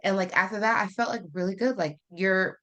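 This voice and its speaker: A woman's voice: mid-range voice, fast, a bit bright. A woman guest on a podcast, speaking candidly and telling a personal story in a casual chat, with lots of fillers. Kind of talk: casual conversation.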